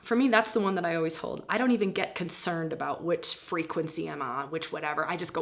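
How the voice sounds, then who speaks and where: With a low-pitched, gravelly voice, she moves quickly and hardly pauses while leading a guided spiritual practice. The middle-aged teacher stays breezy and animated, laughing often and voicing inner thoughts aloud.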